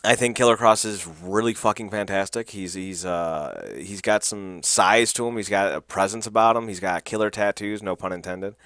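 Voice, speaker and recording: A man's voice: on the low side, moderate pace, few pauses, a bit bright, dry recording. Laid-back swearing podcast guy, dry. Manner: loose and profane, laughing, lots of fillers. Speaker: podcast host. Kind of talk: casual wrestling recap.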